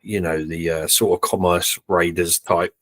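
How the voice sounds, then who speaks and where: A man trading casual, teasing remarks on a podcast panel. His voice sits a little low and sounds dry, with no room around it. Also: level tone, normal speed, a bit bright, dry recording. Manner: wry, teasing. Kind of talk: casual discussion.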